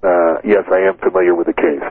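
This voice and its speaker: A man answering questions as a guest on a call-in radio show, telling stories with gravelly animation. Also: low-pitched, fairly quick, no room sound. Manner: storytelling, animated. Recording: tinny phone line.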